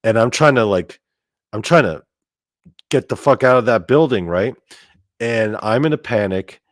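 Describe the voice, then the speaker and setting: A man's voice: medium pitch, animated, normal speed, dry recording, studio quality. A man casually telling a story as host, rambling with lots of fillers and frequent swearing. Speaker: podcast host.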